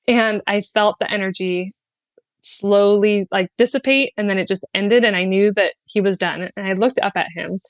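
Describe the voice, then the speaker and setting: A woman's voice: moderate pace, no room sound. A middle-aged woman, a podcast guest, telling an emotional personal story, raising her voice for quotes and laughing often. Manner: animated, quoting with raised pitch and laughing.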